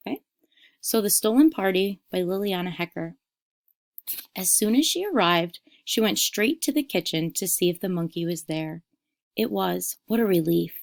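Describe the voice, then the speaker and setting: A woman eighth grade reading teacher who reads a story aloud to her class. She speaks clearly and instructively at a middle pitch. The sound is close and dry. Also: no room sound.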